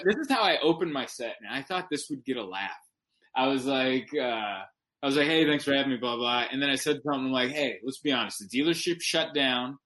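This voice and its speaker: Man, comedian guest, casual storytelling, animated and emphatic, bright forceful tone, mid pitch. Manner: animated, emphatic, with quick self-corrections. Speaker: stand-up comedian, podcast guest.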